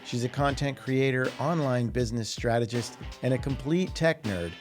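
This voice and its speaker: A man's voice: mid-range voice, normal speed, faint music behind. A man hosting a casual podcast, talking in an upbeat, playful way. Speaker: podcast host.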